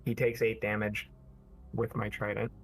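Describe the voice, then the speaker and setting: A man playing a tabletop game, describing his character's actions slowly and deliberately. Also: on the low side, monotone, faint music behind, poor audio. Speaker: player. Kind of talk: tabletop play over voice chat.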